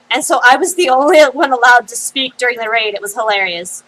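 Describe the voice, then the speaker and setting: An American woman streaming a game, chatting casually and telling stories with lots of little "um" pauses. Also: on the high side, a bit bright, low-quality recording. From United States. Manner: chatty storyteller, many "um" pauses.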